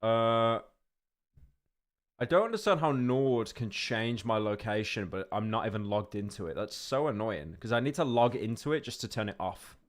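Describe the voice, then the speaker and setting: A man's voice: fairly low pitch, moderate pace. A man streaming live from his home setup, joking and rambling, often stammering and repeating words into a desk microphone. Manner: joking, sarcastic. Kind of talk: casual livestream chat. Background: faint game music.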